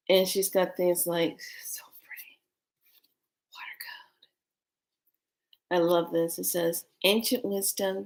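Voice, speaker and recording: A woman who reads oracle cards, telling a rambling, excitable story in a casual vlog. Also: fairly low pitch, creaky. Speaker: oracle card reader.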